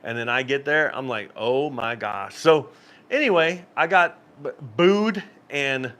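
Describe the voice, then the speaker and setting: A man's voice: fairly high pitch, animated, unhurried, a bit bright. A man hosting a cruise channel live stream, telling stories in a rambling, casual way with frequent laughs and restarts.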